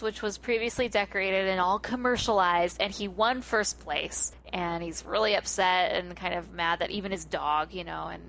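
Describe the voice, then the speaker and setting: A woman's voice: mid-range voice, a little hiss or hum. Giggly woman retelling a cartoon. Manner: animated, giggly storyteller who acts out scenes. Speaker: podcast co-host. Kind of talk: casual chat recapping a film.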